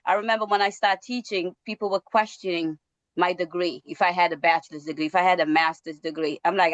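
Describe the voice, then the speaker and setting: A woman's voice: fairly low pitch, fairly even intonation, brisk, no echo. Woman guest, earnest, dull dry sound. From Cape Verde. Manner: earnest, laughs between phrases. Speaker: teacher and guest.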